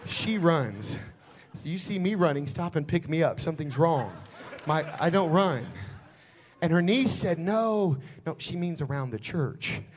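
A preacher with a notably high male voice tells a homespun church story in a conversational drawl. His delivery swings from low, easy storytelling up to fervent, shouting declarations. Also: animated, measured pace. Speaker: pastor. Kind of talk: storytelling sermon.

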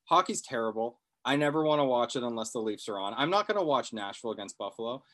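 A man in his thirties argues his point bluntly on a podcast, pushing his voice up when he gets emphatic. His delivery is casual and full of fillers. His pitch sits in the middle range. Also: expressive, fast, fairly bright tone. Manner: blunt, contrarian, rising to emphatic. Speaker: podcast co-host.

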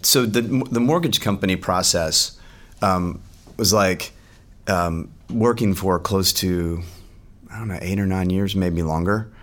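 Deep-voiced man telling stories casually. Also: measured pace. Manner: animated, acts out quotes, laughs often. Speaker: podcast guest. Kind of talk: casual storytelling chat.

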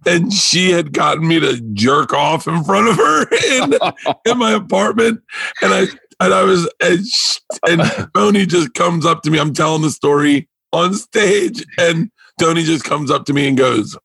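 A man's voice: on the high side, normal speed, gravelly, slightly rough, no room sound. A man, a comedian guest, telling stories in casual talk, tripping over restarts and acting out the people he quotes. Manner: animated, stammering restarts, acts out quoted people. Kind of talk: casual storytelling.

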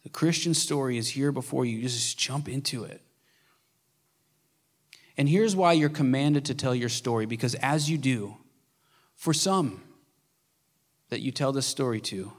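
A male pastor preaching a sermon with earnest, shifting emphasis, at times dropping to a hush and then building up again. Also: mid-range voice. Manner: earnest preaching, swings between hushed and emphatic. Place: church sanctuary.

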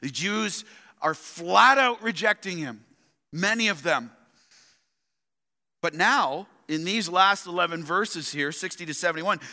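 Bright-voiced preacher man in echoing church. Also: high voice. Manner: earnest, emphatic, repeats key questions. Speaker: pastor. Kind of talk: sermon. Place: church sanctuary. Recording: long echo of a large hall.

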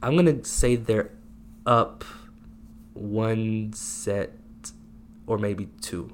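Relaxed young man co-hosting a sports podcast. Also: on the low side, very slow, a little hiss or hum. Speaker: podcast co-host. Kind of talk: casual sports podcast chat.

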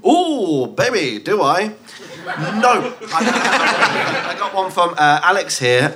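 A man's voice: high-pitched, very animated, slow pace, pushed and bright, slight background noise. A man on stage in a live comedy show, teasing and reading out audience letters. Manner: camp, teasing, reading aloud. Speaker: comedy show cast member. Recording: live gig with audible crowd.

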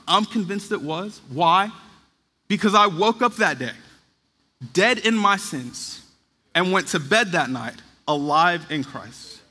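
A man's voice: fairly high pitch, sharp tone, husky. A man in his thirties preaching a sermon in an earnest, conversational way, now and then acting out what other people say. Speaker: pastor. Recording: long reverb of a large hall.

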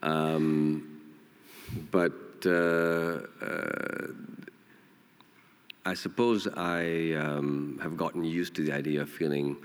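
Panel guest, man, 40s, from Pakistan; very low voice, halting and reflective, hall reverb. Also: little pitch movement, smooth. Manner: thoughtful, halting, many fillers. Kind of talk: live panel conversation.

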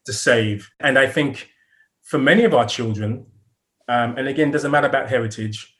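A man's voice: medium pitch, normal speed, a bit bright. A middle-aged British man, a podcast guest, tells his story earnestly. He repeats words as he thinks and chuckles often. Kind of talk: reflective interview storytelling.

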